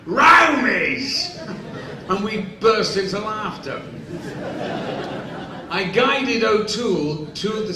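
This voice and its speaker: This is live Q&A storytelling: a man in his sixties amuses a convention crowd with meandering anecdotes, voicing each quote as he goes. He has a high-pitched, slightly bright voice. The large hall makes the sound echoey, and the far-off mic catches faint noise.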